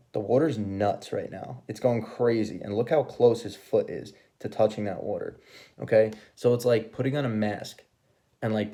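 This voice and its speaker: A young man giving a casual tarot reading, swearing freely, acting out quoted voices and ending points with a checking "okay?". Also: fairly low pitch. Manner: profane, animated, acts out quoted voices. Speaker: tarot reader.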